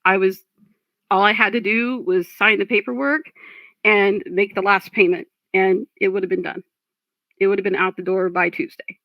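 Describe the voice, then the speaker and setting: A woman's voice: mid-range voice, steady tone, moderate pace, no room sound. A woman hosting a livestream, talking casually and reading chat, frustrated and blunt, swearing at trolls. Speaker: livestream host. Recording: dull lo-fi stream audio.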